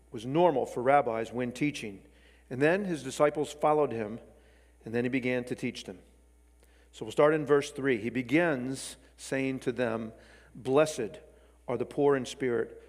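A man's voice: mid-range voice, a little mellow, big-room sound. A man giving a sermon as a preacher, explaining in a conversational way with casual asides.

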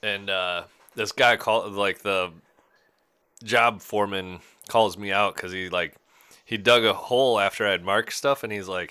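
A man's voice: lowish voice, steady tone, moderate pace, sharp tone, clear, resonant tone. A man hosting a podcast, telling stories in a rambling, laid-back way. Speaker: podcast host. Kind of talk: casual storytelling chat.

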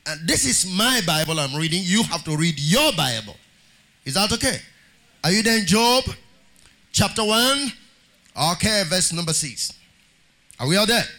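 A man's voice: sits high, expressive, moderate pace, long pauses, sharp tone. A man preaching a sermon as pastor, reading scripture aloud in a sing-song cadence and calling on the congregation for amens.

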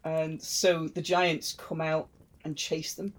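A woman's voice: sits low, little pitch movement, slow, a little hiss or hum, rough recording. A woman hosting a podcast, retelling a myth in a chatty, wry way. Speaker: podcast host.

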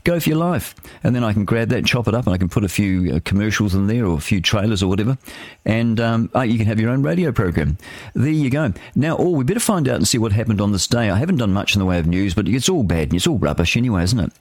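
An older man chats his way through a breakfast radio show, rambling and opinionated, with plenty of restarts. His voice sits low. It is recorded dry and close on a studio microphone. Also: animated, fast talker, darkish tone, no room sound. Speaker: radio host. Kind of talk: casual talk radio monologue.

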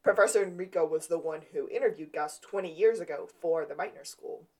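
A woman's voice: on the low side, fairly quick. A woman co-hosting a podcast, casually retelling scenes from a TV episode and acting out the characters' lines. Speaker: podcast co-host. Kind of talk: casual recap chat.

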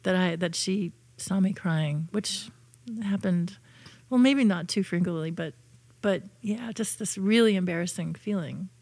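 A woman's voice: fairly low pitch, a little slow, a little mellow, no echo. A woman telling personal stories in a casual chat, with many fillers and restarts.

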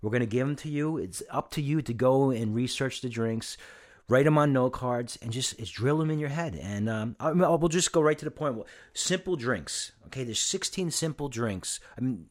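A man teaching bartending on a casual podcast, listing drinks slowly and plainly. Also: medium pitch. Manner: plain, instructive, lists things slowly. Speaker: bartending instructor.

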